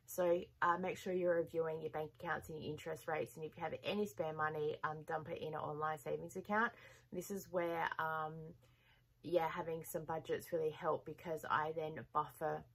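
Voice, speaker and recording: A woman's voice: low voice, level tone, normal speed, gravelly, husky, rough recording. A woman vlogging to her viewers in a casual, rambling chat, laughing often as she talks. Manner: chatty, rambling, with frequent laughs.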